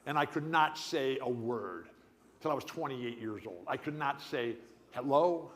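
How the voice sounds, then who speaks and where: An older man giving an animated after-dinner speech as guest speaker, telling stories and often restarting or repeating words. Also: mid-range voice, a little slow. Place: banquet hall. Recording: reverberant hall.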